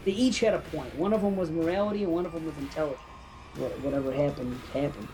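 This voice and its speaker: A woman's voice: low-pitched, fast, music in the background, low-quality recording. A woman in casual podcast chat about a film, blunt and swearing heavily as she explains her take. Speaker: podcast co-host.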